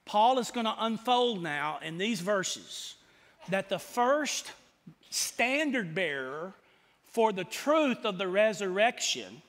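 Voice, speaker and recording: Male pastor, high voice, folksy teaching sermon, quizzes the room as he goes. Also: a bit bright. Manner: folksy, asks the room questions and answers himself. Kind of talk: expository sermon. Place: church sanctuary. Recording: long church hall reverb.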